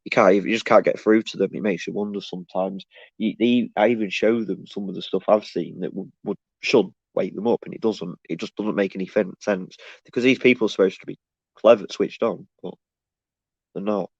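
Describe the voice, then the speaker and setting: A man's voice: low-pitched, steady tone, brisk, gravelly, darkish tone, breathy edge, no room sound. Rambling man on a dull lo-fi stream. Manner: rambling, restarts sentences often. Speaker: live streamer answering chat. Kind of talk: casual live-stream monologue. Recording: dull, dry lo-fi sound.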